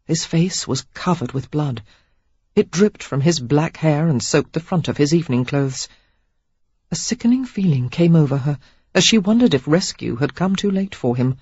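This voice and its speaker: A woman narrating a romance audiobook in an expressive, steady storytelling manner. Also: sits low, normal speed, breathy edge, no echo, muffled recording. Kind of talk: scripted narration.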